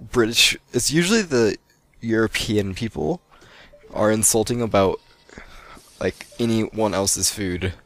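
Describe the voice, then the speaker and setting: A young American man giving rambling, chatty gameplay commentary and laughing often. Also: on the low side. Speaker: let's play gamer. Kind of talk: post-recorded gameplay commentary.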